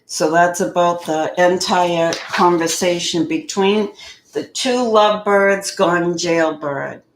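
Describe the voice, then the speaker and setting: Very slow, rambling woman commentator. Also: on the low side, fairly even intonation, echoey room, a little hiss or hum, low-quality recording. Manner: rambling, sarcastic, reads quotes aloud. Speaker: true crime commentator. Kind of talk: casual commentary and reading aloud.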